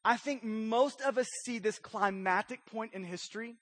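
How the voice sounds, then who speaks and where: A man's voice: high voice, normal speed, fairly bright tone. A male pastor preaching a casual, humorous sermon, telling stories in a conversational way and often checking in with "right?". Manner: conversational storytelling with frequent "right?" check-ins.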